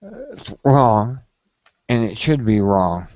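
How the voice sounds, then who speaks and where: A man complaining on a casual vlog in a slow, rambling and profane way. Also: medium pitch, very animated, darkish tone, no echo, dull audio. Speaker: video blogger.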